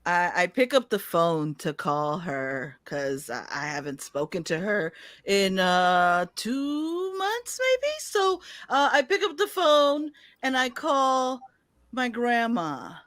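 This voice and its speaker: A woman storyteller telling a personal story live, in an animated, conversational way that speaks straight to the audience. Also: medium pitch, takes it slowly, dry recording, studio quality.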